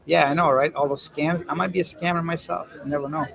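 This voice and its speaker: A man's voice: a little high, steady tone, quick pace, vocal fry, low-quality recording. A man live-streaming from an airport transit area on his phone, chatting casually and jokingly as he reads viewer comments. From Canada. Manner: joking, rambling, candid. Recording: busy airport crowd noise. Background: crowd chatter and PA announcements.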